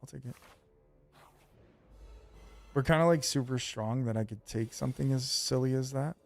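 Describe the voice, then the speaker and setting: A man's voice: medium pitch, moderate pace, soft background music. A man streaming a video game, chatting casually with his viewers in a loose, rambling way full of fillers. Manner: rambling, relaxed, lots of fillers.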